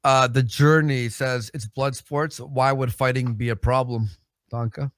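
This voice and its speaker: A man's voice: mid-range voice, fairly even intonation, a little slow, no room sound, clean studio sound. A man co-hosting a livestream talk show, crude and blunt, defending himself. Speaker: co-host.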